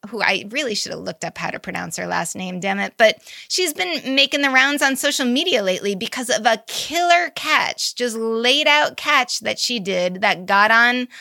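A woman co-hosting a podcast, chatting casually about news with quick asides and easy laughs. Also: medium pitch, vocal fry, pushed and bright, dry recording, clean studio sound. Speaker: podcast co-host. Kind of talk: casual chat about girls' baseball news.

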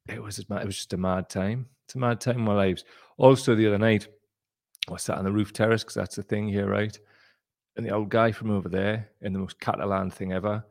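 A man's voice: fairly low pitch, vocal fry, a little mellow, no echo, clean studio sound. A man hosting a casual live-stream chat from a cellar, rambling and jokey. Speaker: show host. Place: temporary cellar room.

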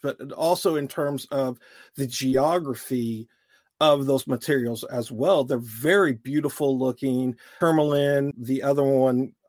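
A man's voice: mid-range voice, darkish tone, dry recording, studio quality. A male podcast host talking with a guest author, thoughtful and a little hesitant as he searches for words. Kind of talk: interview conversation.

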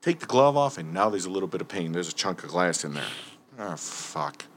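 A man's voice: sits low, fast talker. A man telling firefighting stories in casual, profane chat, acting out what people said. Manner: animated, profane, acts out quotes.

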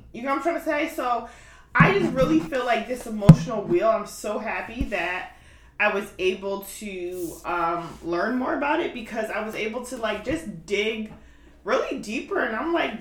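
A woman's voice: mid-range voice, moderate pace, a bit bright. A woman hosting a podcast in a loose, chatty way, full of "like" and "you know what I mean". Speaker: podcast host. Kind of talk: casual chat. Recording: roomy echo.

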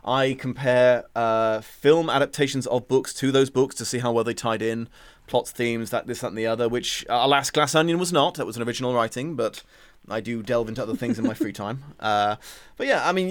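A British man guesting on a film podcast, talking casually in a wry, playfully dramatic way. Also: mid-range voice. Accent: British English. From Britain.

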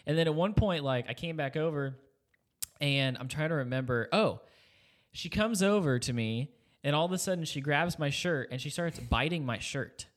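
A man's voice: on the high side, normal speed. A young man in his twenties casually telling a rambling story on a podcast, full of fillers and restarts. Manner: rambling, animated retelling with filler words. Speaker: podcast host.

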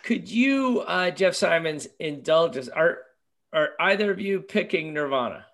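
A man's voice: a little high, lively intonation, unhurried, gravelly, fairly bright tone. A man hosting a music podcast, leading the talk with questions and feeling his way through his phrasing. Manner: leads the talk, asks questions, searching phrasing. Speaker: podcast host. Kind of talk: casual music chat.

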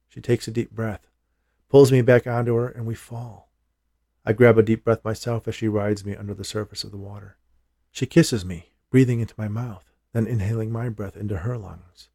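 A man giving a steady, measured first-person thriller narration as an audiobook reader. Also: lowish voice, vocal fry, breathy edge, no echo, studio quality.

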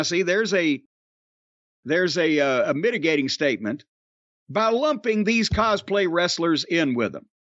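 A man hosting a podcast, gruff and profane, trading wisecracks in casual banter. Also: sits high, a bit bright, no echo. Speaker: podcast host. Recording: dry, dull lo-fi sound.

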